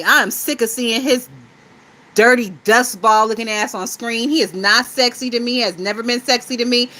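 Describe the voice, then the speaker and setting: Bright-voiced profane woman gossiping about TV. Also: sits high, rough recording. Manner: profane, blunt and animated, laughs often. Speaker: YouTube gossip host. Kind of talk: casual TV show recap chat.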